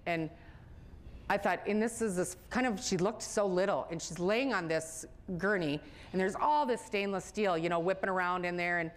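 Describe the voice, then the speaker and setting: A middle-aged woman speaking to a group and telling a personal story. She talks in an animated way and often breaks into laughter as she goes. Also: on the low side.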